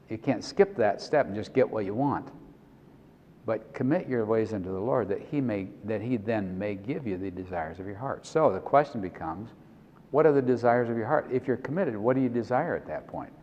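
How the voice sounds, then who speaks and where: A man's voice: fairly low pitch, lively intonation, normal speed, darkish tone, slight background noise. A middle-aged man giving a conversational Christian conference talk, acting out prayers and dialogues, often restarting his phrases. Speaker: Christian speaker and consultant. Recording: dull recording with long hall reverb.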